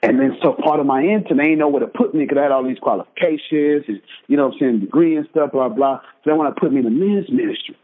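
A man's voice: mid-range voice, fast, hardly any pauses. A man in his thirties with a Texan accent, emphatically telling his own life story and keeping his listeners hooked with repeated asides. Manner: emphatic storyteller, keeps asking "right?" and "check this out". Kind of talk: animated personal testimony. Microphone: phone call. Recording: husky voice over a tinny phone line.

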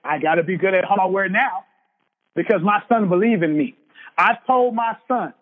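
A motivational speaker in his 30s gives a speech in a high voice at a moderate pace. He's preachy and emphatic, repeating lines for effect. The audio is thin and tinny like a phone, set in a hall with long echo.

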